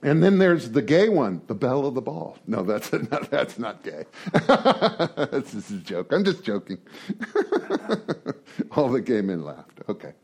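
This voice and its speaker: A man's voice: mid-range voice, big pitch swings, measured pace, gravelly, darkish tone, husky. A man speaking informally to a recovery group, joking and repeating words as he thinks aloud. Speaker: speaker leading a twelve-traditions study series.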